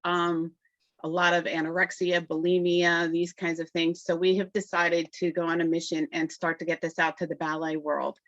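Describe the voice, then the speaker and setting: A woman chiropractor speaking on a video call in a friendly, measured, slightly hesitant way. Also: fairly low pitch, flat delivery, a bit bright, dry recording. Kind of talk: casual call sharing. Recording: dry dull-sounding call audio.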